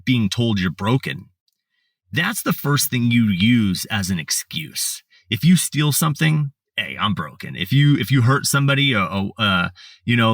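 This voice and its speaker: A man's voice: on the low side, gravelly, a bit bright, no room sound. A man from the United States, a podcast guest telling his life story in a casual, rambling way with lots of fillers and restarts. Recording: slightly distant mic, dry sound.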